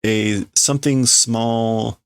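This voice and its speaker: Brief: unhurried male streamer, gravelly fry, dry close sound, mulls over words. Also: mid-range voice, steady tone, dry recording. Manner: thinks aloud, deliberating over word meanings. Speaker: streamer reading manga aloud. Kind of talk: casual reading and translating aloud.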